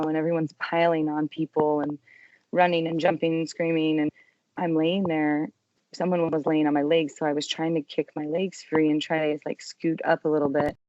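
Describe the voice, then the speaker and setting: Young adult woman, low voice, earnest guest recounting her ordeal, dry muffled recording. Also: no echo. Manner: earnest, emotional retelling with quiet hushed quotes. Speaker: podcast guest. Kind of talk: personal testimony in an interview.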